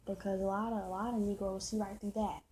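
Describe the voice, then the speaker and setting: Woman, impassioned rant, profane, preachy, repetitive, dark warm voice, faint hiss. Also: mid-range voice, flat delivery, fast, rough recording. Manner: heated, preachy, profane, repeats points. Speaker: vlogger.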